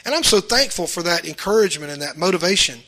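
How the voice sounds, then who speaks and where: A man's voice: sits high, expressive, fast, pushed and bright. A man preaching a sermon in an earnest, folksy way, often restarting his words.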